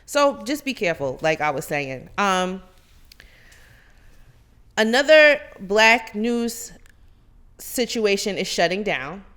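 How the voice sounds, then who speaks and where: A woman's voice: mid-range voice, very animated, slow pace, pauses often, fairly bright tone. A woman co-hosting a podcast, chatting about politics and readily agreeing with the others. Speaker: podcast co-host. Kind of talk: casual political chat.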